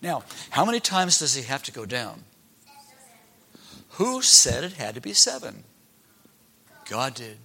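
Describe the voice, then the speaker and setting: A man's voice: medium pitch, measured pace, gravelly, long pauses, breathy edge. A man telling a Bible story to children, asking them questions and acting out the characters. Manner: animated, asks the children questions and acts out the characters.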